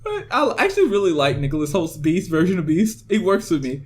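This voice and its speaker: Male podcast co-host, fairly high pitch, rambling rant full of fillers. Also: huge pitch swings, fairly quick. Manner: ranting, many fillers. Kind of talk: casual podcast chat.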